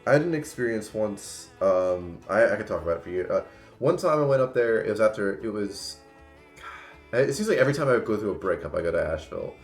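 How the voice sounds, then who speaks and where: A man's voice: lowish voice, animated, fairly quick, roomy sound, faint music behind. A man in his twenties telling rambling stories on a casual livestream, full of fillers and restarts. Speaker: streamer.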